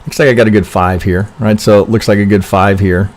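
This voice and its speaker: A man walks through trading charts on a casual live stream, thinking out loud, cutting himself off mid-sentence and checking in with "right?" every few lines. His voice sounds a bit stuffy from allergies, and he curses under his breath when something goes wrong. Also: on the low side, fairly even intonation, brisk. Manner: rambling, self-interrupting, frequent "right?" tags and mild swearing. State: congested with allergies. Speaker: trading educator reviewing charts.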